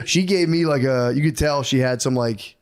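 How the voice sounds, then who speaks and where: A man's voice: medium pitch, normal speed, smooth. A man in his thirties co-hosting a podcast, telling crude stories in a casual chat and laughing often. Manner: crude, laughing, animated storytelling. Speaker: podcast co-host.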